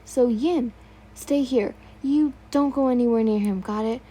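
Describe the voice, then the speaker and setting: A woman playing a gentle, protective young man. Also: on the high side, unhurried, slightly rough.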